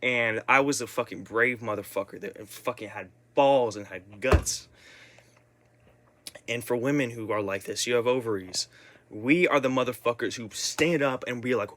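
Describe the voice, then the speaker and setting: A man's voice: mid-range voice, moderate pace, fairly bright tone. A young man rambling intensely in a casual vlog, swearing often and restarting his sentences. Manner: intense, profane, restless, many restarts. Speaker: vlogger.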